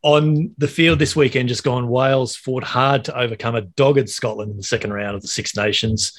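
A man's voice: medium pitch, steady tone, normal speed. A man hosting a rugby podcast, upbeat and chatty, introducing co-hosts and guests. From Australia. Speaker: podcast host. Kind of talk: casual sports podcast banter.

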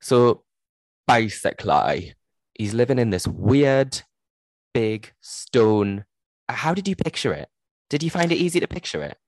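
Low-voiced Geordie woman chatting books. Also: sing-song, unhurried, long pauses, darkish tone, no room sound. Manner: chatty, swears freely, laughs often. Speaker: podcast co-host. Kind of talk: casual book-club chat.

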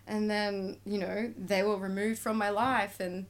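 A woman's voice: mid-range voice, little pitch movement, a little slow. A woman, a tattoo artist talking openly and emotionally about her life as a podcast guest. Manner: open and emotional, acts out quoted exchanges. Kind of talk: candid conversational storytelling.

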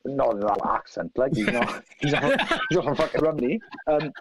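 A man's voice: mid-range voice, normal speed, noisy background. Profane Welsh man telling stories. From South Wales. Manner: animated, profane, acts out other people's lines. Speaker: guest musician. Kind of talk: casual anecdote telling. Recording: dry, slightly dull lo-fi sound.

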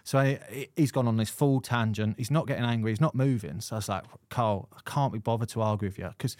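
A man's voice: lowish voice, quick pace, darkish tone, no room sound, clean studio sound. A man hosting a podcast, telling stories in laughing, matey banter. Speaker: podcast host. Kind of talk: casual podcast chat.

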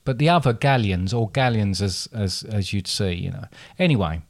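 A man's voice: on the low side, lively intonation, normal speed, dry recording. A man hosting a casual podcast, rambling and correcting himself as he explains. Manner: rambling, self-correcting, chatty. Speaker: podcast host.

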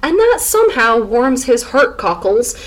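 Woman podcast host, sarcastic and giggly, voice swoops up and down a lot, a bit high. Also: measured pace. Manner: sarcastic, animated, laughs often. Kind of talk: casual chat recapping a novel.

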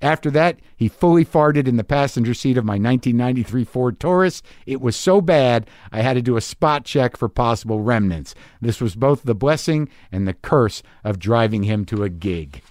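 A man's voice: medium pitch, lively intonation, normal speed, hardly any pauses, darkish tone, no echo, clean studio sound. A middle-aged man hosting a podcast, reading listener emails aloud and riffing in a loose, profane, rambling way with lots of restarts. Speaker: podcast host.

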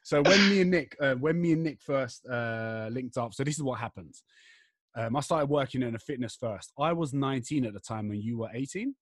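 A man's voice: medium pitch, fairly quick, dry recording, clean studio sound. A young English man hosting a podcast, chatting casually in a rambling, slangy way with his friend. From England. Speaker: podcast host. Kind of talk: casual chat.

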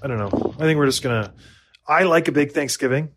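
A man's voice: fairly high pitch, a little fast, a bit bright, slight background noise. Rambling, self-mocking American man. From United States. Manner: rambling, self-deprecating, lots of restarts and fillers. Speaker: podcast co-host. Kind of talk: casual chat.

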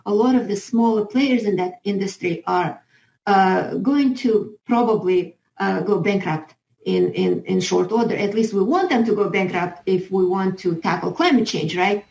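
Halting woman with a gravelly voice. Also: medium pitch, a little mellow, reverberant, poor audio. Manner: hesitant, halting with fillers. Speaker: interviewee, policy speaker.

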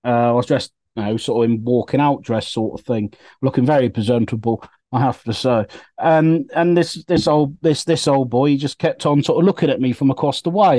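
A man's voice: mid-range voice, brisk, warm tone, dry recording. A young man telling a story in casual podcast chat, rambling with many fillers and restarts. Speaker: podcast co-host.

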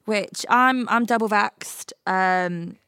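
A woman's voice: mid-range voice, takes it slowly, sharp tone, clear, resonant tone, no room sound, studio quality. A young woman from England co-hosting a podcast, bubbly and playful, laughing often and breaking into sing-song bits. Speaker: podcast co-host. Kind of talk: giddy casual chat.

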